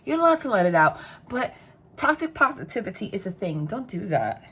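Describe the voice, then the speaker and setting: A woman reads tarot cards for her viewers in a chatty, emphatic way. She speaks straight to the listener and keeps repeating her phrases. Her voice sits at an ordinary middle pitch for a woman. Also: big pitch swings, a little fast, a bit bright, slightly rough. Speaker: tarot reader. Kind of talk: tarot reading to camera.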